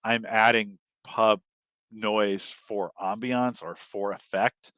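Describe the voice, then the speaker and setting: A man's voice: lowish voice, steady tone, slow pace, sharp tone, no room sound. A man co-hosting a podcast in casual chat, easygoing, reading listener comments aloud and laughing often. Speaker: podcast co-host.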